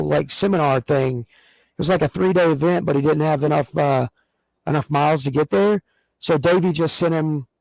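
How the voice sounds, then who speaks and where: A man co-hosting a casual podcast chat, telling stories in an excitable, rambling way with many restarts. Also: on the high side, creaky, no echo, rough recording. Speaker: co-host.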